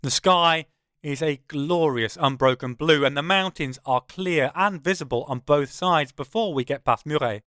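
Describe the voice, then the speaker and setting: A man narrates his own novel in first person with a smooth, resonant, fairly high voice. His delivery is wry and conversational. The recording is dry and close. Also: moderate pace, a bit bright, dry recording.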